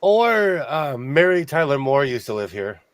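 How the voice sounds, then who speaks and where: A man's voice: a little high, sing-song, unhurried, clean tone, no echo. An older man hosting a sewing livestream, chatting casually and jumping between topics. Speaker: sewing show host.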